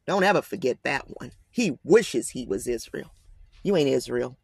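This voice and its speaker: A man's voice: medium pitch, lively intonation, normal speed, gravelly, slightly rough, dry recording. Man, bible reading with commentary, slangy asides, dry close sound. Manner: conversational, addresses listeners as guys. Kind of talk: scripture reading with casual commentary.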